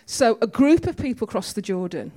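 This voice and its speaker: Woman preacher, chatty storytelling sermon, fairly high voice, church. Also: big pitch swings, moderate pace, dark tone. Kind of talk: conversational sermon.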